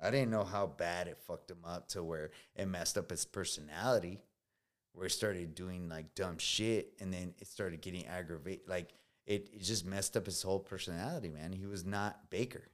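A man's voice: low voice, normal speed. A man in his thirties, a veteran guest on a podcast, telling stories in a casual, slangy way, often swearing and saying bro. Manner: slangy, says bro a lot, swears freely.

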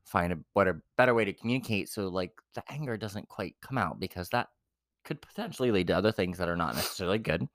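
A young man co-hosting a podcast, telling his dating stories in a blunt, profane, animated way. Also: low-pitched, fast, no echo, clean studio sound. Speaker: podcast co-host. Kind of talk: casual chat.

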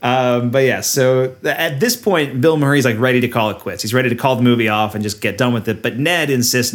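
A man talking through a movie plot in relaxed podcast chat. His voice sits at an ordinary middle pitch. He laughs often and leans on fillers as he goes. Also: fairly quick, hardly any pauses. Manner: laughing, recapping a film with lots of fillers. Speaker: podcast co-host. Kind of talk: casual chat.

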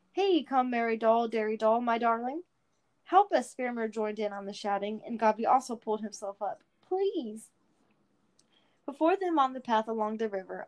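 A woman reads a fantasy storybook aloud with expressive, unhurried narration. Her voice sits a little above the usual pitch for a woman. She shapes each scene with care. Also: rough recording.

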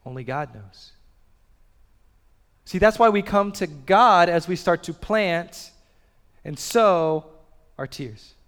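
A pastor preaching a sermon, swinging from loud urgent bursts to quiet, slow drops. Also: male voice, high-pitched, lively intonation, clean tone. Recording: long reverb of a large hall.

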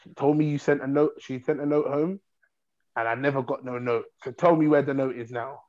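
A woman's voice: very deep voice, steady tone, brisk, a little mellow, muffled recording. A man quoting his furious, strict mother scolding her son, in his own voice. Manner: threatening, scolding.

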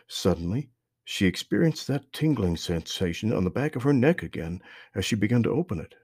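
Podcast narrator: man, low husky voice, calm and measured, dry close sound. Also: dry recording. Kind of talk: scripted story narration.

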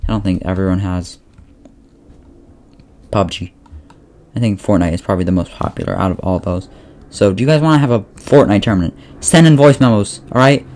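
A man's voice: lowish voice, fairly quick, long pauses, darkish tone. Rambling, self-correcting male podcast host. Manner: rambling, often correcting himself mid-sentence; playful, pleading directly with listeners. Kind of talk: casual solo podcast chat.

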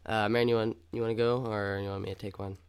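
A man's voice: lowish voice, level tone, quick pace, clean tone. A young man co-hosting a casual podcast, joking around playfully and laughing often. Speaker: podcast co-host. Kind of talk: casual chat.

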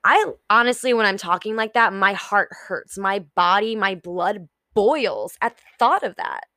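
Young woman, podcast host, unhurried and blunt, casual swearing, acts out her own thoughts, dry close mic. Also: mid-range voice, expressive, bright, forceful tone, no echo. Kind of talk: casual solo podcast talk.

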